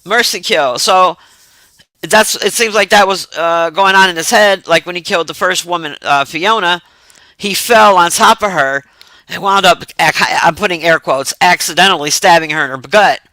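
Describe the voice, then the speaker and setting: Rambling man recapping a movie, bright voice. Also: sits high, moderate pace, dry recording, low-quality recording. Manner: rambling, profane, laughs often. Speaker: movie reviewer. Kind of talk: casual film recap.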